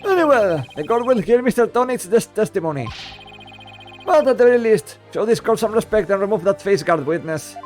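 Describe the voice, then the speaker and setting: A man's voice: sits high, sing-song, a little fast, darkish tone, faint music behind, pitched above the performer's own voice. A man voicing a fussy, easily flustered old male judge who exclaims a lot.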